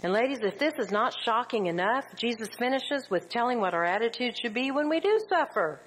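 A middle-aged woman teaching a women's Bible study, lively and full of rhetorical questions, sometimes acting out quotes. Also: fairly high pitch, fairly quick, husky, low-quality recording.

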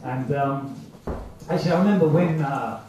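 A man's voice: mid-range voice, moderate pace, a little mellow, recorded from a distance, slight background noise. A man doing a rambling, self-mocking stand-up set at an open mic night, acting out the voices in his head. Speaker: stand-up comedian. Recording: echoey, muffled amateur club recording from afar.

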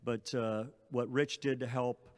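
A man's voice: mid-range voice, fairly even intonation, a little slow. A middle-aged man, an athletic director, speaking at a press conference, giving long thank-yous with frequent restarts and fillers.

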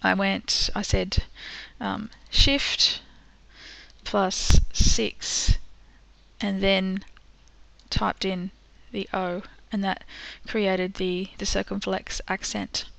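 A woman teaching a screen-recorded software tutorial, patient and step by step, with frequent ums. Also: medium pitch, level tone, extremely slow, vocal fry, no echo.

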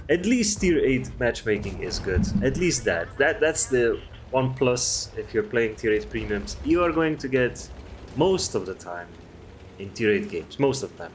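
A man's voice: medium pitch, slight background noise. A man casually commenting on a game replay, rambling and chatty, swearing freely. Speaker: gameplay commentator.

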